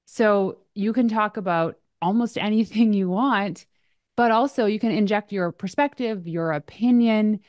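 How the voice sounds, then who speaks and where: A woman from Canada, a PR expert, talking as a guest on a podcast in an energetic, casual way. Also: medium pitch, measured pace, no room sound, highs cut off. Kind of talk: casual interview chat.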